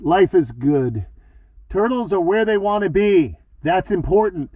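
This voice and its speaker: A man's voice: high voice, lively intonation, unhurried, mellow, no echo, lo-fi sound. A man hosting a casual backyard vlog, chatty and upbeat, a little out of breath, fondly talking to his animals. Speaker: vlog host. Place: outdoor backyard. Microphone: handheld phone.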